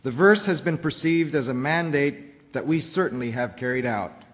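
A man preaching a sermon, reading a rhyming storybook aloud in an expressive, rhythmic way. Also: a little high, normal speed, long reverb tail. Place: church.

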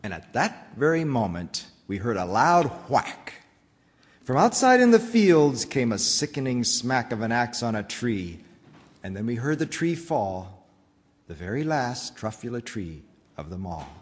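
A man's voice: medium pitch, big pitch swings, big-room sound. A man voicing a greedy factory owner who tells his own story in rhyme, read aloud in a church. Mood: sorrowful. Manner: rhyming storybook narration, slow and dramatic.

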